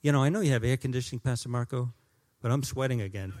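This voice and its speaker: A man in his fifties preaching a sermon in a church as a guest pastor, joking and swinging between loud declarations and hushed asides. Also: mid-range voice, fast talker. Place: church sanctuary.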